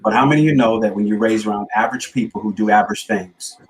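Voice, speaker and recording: Earnest, low-voiced motivational male speaker. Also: fast, a little hiss or hum, rough recording. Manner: earnest, motivational preacher-like cadence. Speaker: guest speaker and author. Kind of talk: storytelling in a talk-show interview.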